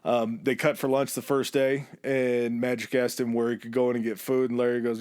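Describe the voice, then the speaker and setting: A man hosting a podcast, telling a story in a relaxed, casual way and acting out quoted lines with shifts in his voice. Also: medium pitch, a little fast, few pauses, clear, resonant tone, dry recording, studio quality. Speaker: podcast host.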